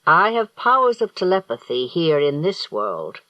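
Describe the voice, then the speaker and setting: Reading an audiobook, a man voices a cold, vengeful evil sorcerer with a harsh, grating sound, delivering lines slowly and menacingly in a gloating way. His voice sits on the high side, very animated and sharp. The audio has no echo but a lo-fi quality.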